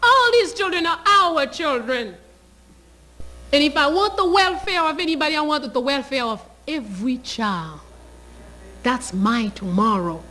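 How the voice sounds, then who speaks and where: A woman's voice: high-pitched, lively intonation, measured pace, sharp tone, poor audio. A woman, telling a story with passion and emphasis. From Haiti. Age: 60s. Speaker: teacher. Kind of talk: storytelling interview.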